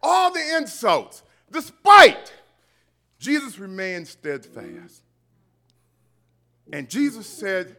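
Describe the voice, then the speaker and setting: Very high-pitched, impassioned preacher man. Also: big pitch swings, slow pace, soft background music. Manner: impassioned, builds to shouted refrains with call-and-response. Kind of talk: sermon.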